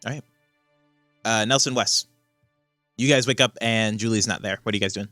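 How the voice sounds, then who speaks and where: A man's voice: on the low side, moderate pace, bright, forceful tone, dry recording, clean studio sound, faint music behind. A man narrating a tabletop game as game master, in a casual way with frequent restarts.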